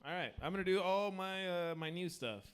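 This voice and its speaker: A slightly drunk man rambles through a crude open-mic stand-up set, stumbling over his words and restarting sentences. His voice sits a bit high for a man. It sounds like a handheld stage mic in a small bar room. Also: fairly quick, clean tone. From United States. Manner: crude, rambling, self-interrupting. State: tipsy. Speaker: stand-up comedian.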